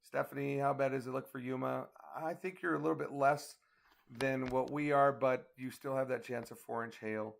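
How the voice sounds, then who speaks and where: A middle-aged man with a gravelly, mid-pitched voice hosts a livestream weather briefing. He talks in a folksy, chatty way, reading out viewer comments and answering them as he goes. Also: steady tone, moderate pace. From northeastern Colorado. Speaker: storm chaser hosting a livestream weather briefing. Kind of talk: casual livestream chat with viewers.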